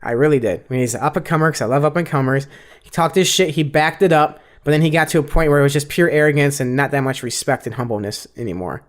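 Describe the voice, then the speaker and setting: A man's voice: on the high side, fast talker. A young man co-hosting a podcast, chatting casually and profanely about fights with lots of fillers. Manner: rambling, profane fight breakdown with many fillers. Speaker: podcast co-host. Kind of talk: casual chat.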